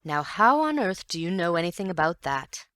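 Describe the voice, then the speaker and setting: A confident police inspector speaks briskly and heartily, as a woman reader puts him on. His lines come a shade louder than the narration. The room is dry and close. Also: lowish voice, big pitch swings, dry recording.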